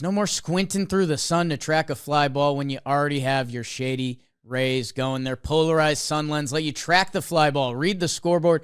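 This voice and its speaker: A man co-hosting a sports podcast, animated and excitable, with lots of fillers, also reading an ad. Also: on the high side, clean tone, no echo, clean studio sound. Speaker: podcast co-host. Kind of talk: energetic sports recap and ad read.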